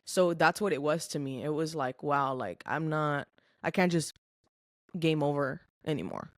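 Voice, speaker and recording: A woman's voice: sits low, lively intonation, normal speed, dry recording. Candid young woman, dry close sound. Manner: candid, filler-heavy speech with frequent "like"; earnest and emotional. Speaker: podcast guest. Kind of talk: personal testimony in casual chat.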